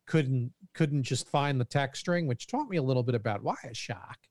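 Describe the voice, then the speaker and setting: A man's voice: medium pitch, expressive, moderate pace, a little mellow, no room sound, clean studio sound. A man co-hosting a casual tech podcast, joking around and restarting his sentences. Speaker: podcast co-host.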